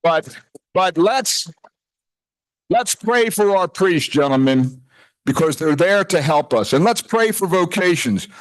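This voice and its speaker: Older guy talking at a retreat, kinda high voice, rambly and jokey, keeps jumping around. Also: lively intonation, slow pace. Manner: chatty, rambling, self-interrupting, jokey. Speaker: retreat speaker. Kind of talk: informal talk at a retreat. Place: retreat house hall.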